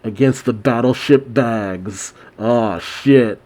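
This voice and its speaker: A man with a mellow, warm tone reads a comic chapter aloud and breaks off into his own reactions. He laughs often, and his surprise comes out as casual swearing. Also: medium pitch, fairly even intonation, slow.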